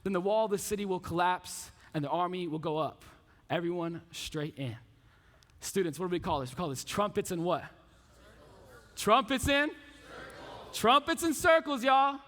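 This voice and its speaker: A man's voice: high-pitched, brisk. A man preaching a youth sermon, telling stories with lots of casual asides. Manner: casual, animated storytelling with frequent asides. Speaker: youth pastor. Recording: reverberant hall.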